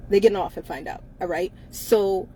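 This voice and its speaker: A woman's voice: mid-range voice, moderate pace, warm tone, a little hiss or hum. A woman co-hosting a casual live-stream chat from inside a car, blunt and emphatic, laughing often between her lines.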